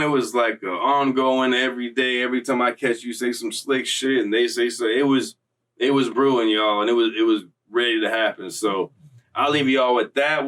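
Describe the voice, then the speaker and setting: A man hosting his own vlog, telling prison stories in slangy, profane, animated casual talk. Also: medium pitch, far from the mic. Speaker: vlog host. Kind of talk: casual storytelling.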